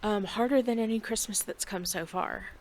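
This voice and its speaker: A woman's voice: medium pitch, normal speed, a little hiss or hum. A middle-aged woman hosting a knitting podcast from home, talking in a candid, rambling casual chat. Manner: chatty and candid, rambling with fillers.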